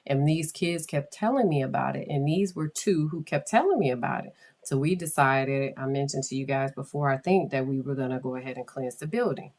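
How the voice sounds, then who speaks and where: A woman with a notably low voice talks through a spooky true story in a loose, casual podcast way. She hesitates and restarts her sentences, and sometimes drops into a whisper. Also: a little fast, darkish tone. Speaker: podcast host.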